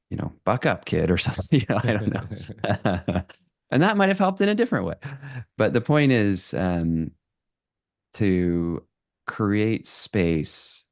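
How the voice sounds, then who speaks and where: Male presenter with a low voice and dry, close sound, loose and chatty, slipping in fillers and little laughs. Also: creaky, dry recording. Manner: animated and conversational, with frequent fillers and laughs. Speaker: photographer giving a talk. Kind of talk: live presentation to an audience.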